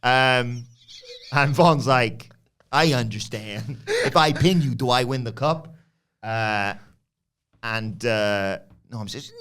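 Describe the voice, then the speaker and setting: A man on a podcast, recapping a wrestling show and acting out quotes with loud shouts and laughs. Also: medium pitch, slow, clear, resonant tone. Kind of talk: casual chat.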